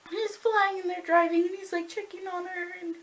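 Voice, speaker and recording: A woman gushing excitedly about a book in a casual review vlog, full of "like" and breathless reactions. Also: very high voice, normal speed, rough recording. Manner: gushing and excitable, heavy use of "like".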